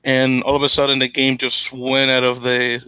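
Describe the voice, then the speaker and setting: A man's voice: medium pitch, monotone, moderate pace, bright, forceful tone, smooth, no room sound. A young man from the Dominican Republic hosting a casual sports podcast, rambling and correcting himself with frequent laughs. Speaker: podcast host.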